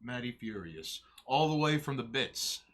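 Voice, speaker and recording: A man's voice: mid-range voice, expressive, a little slow, fairly bright tone. A man co-hosting a casual arts and crafts livestream, joking and rambling crudely while he paints and talks to chat. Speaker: livestream co-host.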